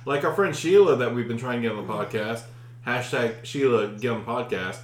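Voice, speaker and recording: A man, co-hosting a podcast and telling a story with lively, profane, shouted reenactments. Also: medium pitch, brisk, roomy sound. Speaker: podcast co-host. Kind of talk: casual chat.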